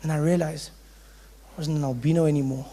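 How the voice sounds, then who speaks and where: A man tells stand-up stories in an animated, lively way, often slipping into character voices. His voice sits high for a man, and a faint hum of ambience lies under the stage mic. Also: quick pace. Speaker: stand-up comedian. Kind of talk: stand-up storytelling. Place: live comedy stage.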